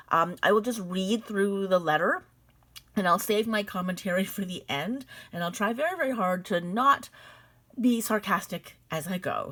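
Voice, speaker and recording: A woman chatting to camera as the host of her own vlog, her voice sitting at an ordinary middle pitch. She talks loosely, with plenty of fillers and quick self-corrections. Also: fairly bright tone. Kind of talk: casual vlog talk, reading out a letter.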